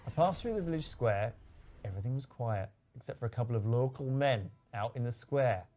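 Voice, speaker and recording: A man co-hosting a podcast in casual chat, reading listener stories aloud with quick, sweary asides. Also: medium pitch, expressive, dark tone. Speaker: podcast co-host.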